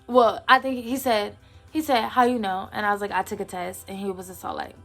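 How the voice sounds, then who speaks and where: Woman, 20s, casual storytime vlogger, slangy, gravelly fry, faint music bed. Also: medium pitch, steady tone, fairly quick, fairly bright tone. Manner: chatty, slangy, acts out quotes.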